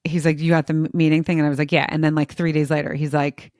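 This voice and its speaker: Expressive talkative woman, dry sound. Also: sits low, fast, dry recording. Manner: talkative, expressive, laughs often. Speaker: podcast co-host, mother. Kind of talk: casual emotional chat.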